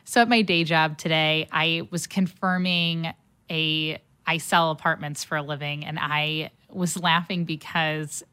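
A woman's voice: low-pitched, fairly even intonation, unhurried, pushed and bright, smooth. Chatty young woman podcast host. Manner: chatty, leans on filler "like", laughs easily. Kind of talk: casual chat.

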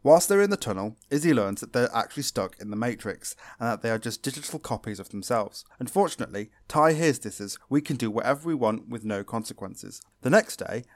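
A man's voice: mid-range voice, no echo. A man co-hosting a podcast, recapping episodes in a sarcastic, chatty way. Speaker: podcast co-host. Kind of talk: casual podcast chat.

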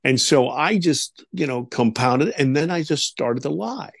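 A middle-aged man as an interview guest, telling a story with lively delivery, acting out the voices of others, with frequent fillers. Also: a little high, unhurried, vocal fry, husky, no room sound, clean studio sound. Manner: animated, acts out quoted voices, many fillers.

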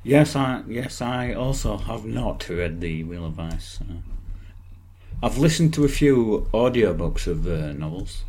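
Man, lowish voice, deadpan, grumbling, casual podcast chat. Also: unhurried, breathy edge. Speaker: podcast co-host.

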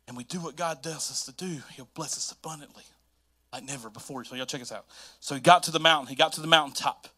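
Southern man, pastor, sermon, high voice, bright tone, repeats his lines, lively storyteller. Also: fast talker, breathy edge. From North Carolina, US. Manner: animated storytelling, repeats phrases.

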